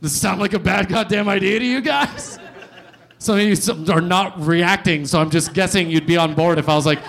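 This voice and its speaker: A man's voice: high voice, brisk, creaky, fairly bright tone. Sardonic young male stand-up host. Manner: sardonic, riffing, swearing. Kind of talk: stand-up comedy set. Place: comedy club stage.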